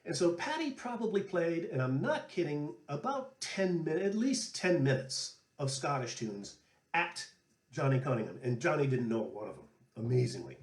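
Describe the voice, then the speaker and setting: A man's voice: fairly high pitch, normal speed. Chatty man telling stories in echoey room. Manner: chatty, anecdotal, relaxed. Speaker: flute player and show host. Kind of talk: storytelling and music tips.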